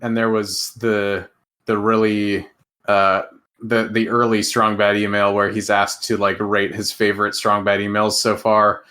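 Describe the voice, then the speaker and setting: A man co-hosting a podcast in casual chat, measured and hesitant with dry humor. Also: lowish voice, monotone, bright, forceful tone. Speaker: podcast co-host.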